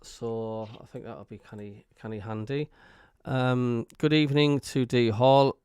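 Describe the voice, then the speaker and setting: A man's voice: medium pitch, steady tone, measured pace, a little mellow, clean tone, no echo. Chatty Sunderland man hosting a live show. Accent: Sunderland (Mackem). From North East England. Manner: rambling, reads chat messages aloud. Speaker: host. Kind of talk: casual live-stream chat.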